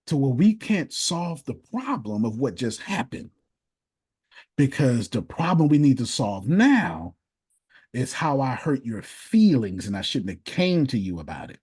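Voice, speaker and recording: A man's voice: on the high side, warm tone, breathy edge. A man coaching a group in an emphatic, preachy manner, using casual, conversational grammar and repeating his points for effect over a video call. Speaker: motivational speaker and business coach. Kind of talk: animated live coaching session.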